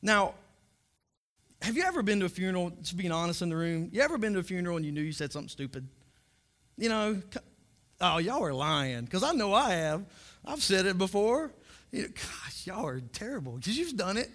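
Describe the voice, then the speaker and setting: High-voiced joking pastor. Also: male voice, sing-song, fairly quick, a bit bright. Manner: joking, repeats words when starting sentences. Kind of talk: humorous sermon.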